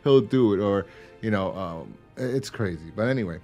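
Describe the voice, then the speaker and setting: Lively intonation and a dark tone mark this man's lowish voice as he co-hosts a podcast at a moderate pace, with faint music in the background. He rambles through stories, laughing, swearing often and performing the quotes.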